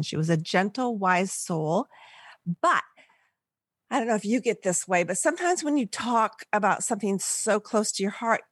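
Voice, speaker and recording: An older woman from the Los Angeles area, a podcast guest, telling a personal story in an animated way and acting out the voices of people she quotes. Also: mid-range voice, dry recording, clean studio sound. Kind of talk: storytelling in a conversational interview.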